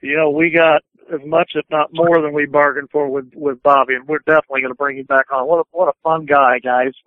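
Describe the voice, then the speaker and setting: A man's voice: fairly high pitch, level tone, fast talker, no room sound, narrow, tinny audio. A man hosting a wrestling radio show, talking in a friendly, eager way and tripping over his words. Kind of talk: casual radio interview.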